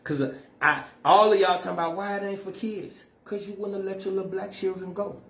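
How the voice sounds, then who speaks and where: A man's voice: sits high, fairly even intonation, fairly quick, a bit bright. A man delivering a blunt, profane, scolding monologue as an activist speaker. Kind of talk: impassioned monologue to camera.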